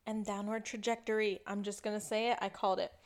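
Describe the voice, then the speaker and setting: A woman's voice: mid-range voice, flat delivery, fast. A woman co-hosting a podcast, recapping a TV episode in casual chat and laughing often. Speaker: podcast co-host.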